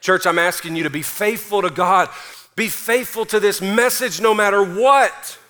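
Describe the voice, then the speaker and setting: A man pastor preaching a sermon, emphatic and energetic, mixing in casual slang. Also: high voice, moderate pace.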